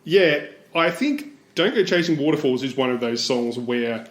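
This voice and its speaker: A man's voice: mid-range voice, expressive, normal speed. A man co-hosting a podcast, talking in a wry, easy manner and chuckling often. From Australia. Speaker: podcast co-host. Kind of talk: casual chat. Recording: echoey room.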